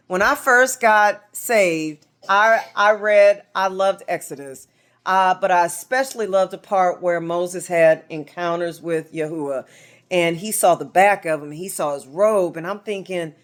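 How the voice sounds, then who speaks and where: An American woman giving an informal Bible teaching to a small group at home, animated, acting out quotes as she talks to the room. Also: on the low side, moderate pace. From United States.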